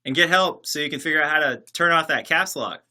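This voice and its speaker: Alone in a separate building, a man hosts a livestream, reading out viewer comments and answering them with sarcastic, joking rambles. His voice is fairly high and sharp, and he talks fairly quickly.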